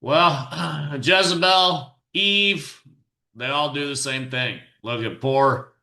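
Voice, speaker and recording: A man's voice: a little high, takes it slowly, creaky, sharp tone, reverberant. A man hosting his own commentary show, reacting to video clips with exasperated, sarcastic and preachy remarks. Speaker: host and commentator.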